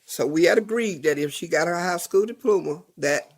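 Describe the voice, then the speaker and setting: A woman's voice: on the low side, fairly quick. A middle-aged woman with a Southern US accent, recalling family matters in a plain, matter-of-fact way. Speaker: interviewee, godmother. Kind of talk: interview recollection.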